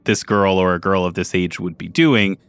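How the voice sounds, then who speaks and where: A man playing a tabletop game who lays out a theory in a thoughtful way. His voice sits low, and it is recorded close and dry. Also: steady tone, moderate pace, fairly bright tone, clear, resonant tone, no echo. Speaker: player.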